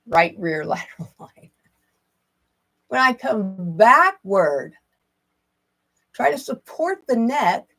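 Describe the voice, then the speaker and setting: A woman talking a class through yoga stretches in a calm, steady voice. She cues each breath and movement gently, with a small laugh now and then. Her pitch sits in the middle of the range for a woman. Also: poor audio. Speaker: yoga instructor. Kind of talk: guided movement instruction.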